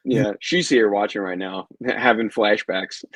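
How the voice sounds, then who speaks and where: A man's voice: lowish voice, measured pace, dry recording. Male co-host, easygoing, quotes films in silly voices, dry close recording. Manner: relaxed, laughs along, puts on voices for quotes. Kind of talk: casual live show chat.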